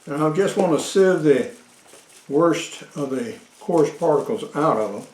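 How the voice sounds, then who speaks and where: A man hosting a casual cooking demonstration, talking in a slow, rambling way with frequent fillers and dry jokes. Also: a little high, animated. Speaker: cooking show host. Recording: echoey room.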